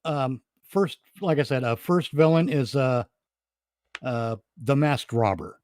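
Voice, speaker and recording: A man's voice: mid-range voice, slow, darkish tone, dry recording, clean studio sound. A man casually chatting on a podcast, rambling and laughing at his own jokes. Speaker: podcast host and comedy writer. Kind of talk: casual chat.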